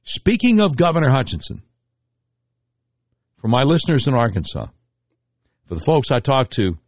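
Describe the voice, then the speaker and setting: A man's voice: dry recording, clean studio sound. A middle-aged man hosting a radio talk show, delivering a political commentary monologue in an emphatic, indignant way. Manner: emphatic, indignant storytelling with sharp pitch swings.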